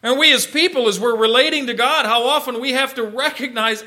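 A man preaching a sermon, animated and conversational, swinging from loud emphasis to soft asides and asking his listeners questions. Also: extremely high pitch, brisk, few pauses, faint music behind. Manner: conversational, asks the listeners questions and answers them. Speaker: pastor.

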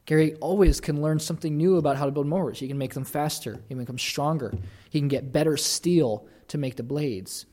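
A man's voice: fairly high pitch, a little fast, mellow. A young man preaching a sermon in an earnest, conversational way, acting out the voices he quotes.

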